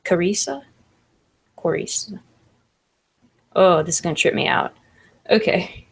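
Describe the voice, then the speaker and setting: A woman's voice: low voice, normal speed, vocal fry, slightly rough. A woman hosting a livestream, reading chat comments aloud and chatting casually with lots of laughs. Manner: laughs often, fillers like "like" and "I don't know".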